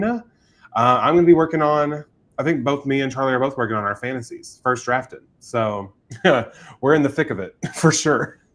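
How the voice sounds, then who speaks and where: A man hosting a casual writing livestream, chatty and giggling often. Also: medium pitch. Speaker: livestream host and writer.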